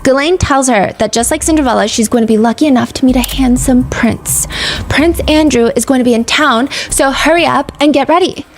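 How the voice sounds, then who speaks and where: A woman's voice: high voice, brisk. A woman hosting a podcast, telling a true-crime story in a casual, chatty way with fillers and side remarks. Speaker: podcast host.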